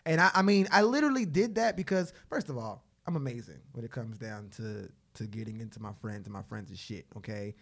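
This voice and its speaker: A man's voice: mid-range voice, lively intonation, a little fast, creaky, hardly any pauses, fairly bright tone. A man co-hosting a podcast, talking in a laid-back, wry, rambling way. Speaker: podcast co-host. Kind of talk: casual chat.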